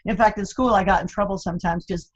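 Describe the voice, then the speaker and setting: An older woman, a guest in a candid interview, who tells stories with animated, teasing humor and laughs often. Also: medium pitch, quick pace, dull audio. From United States, Cuban American family.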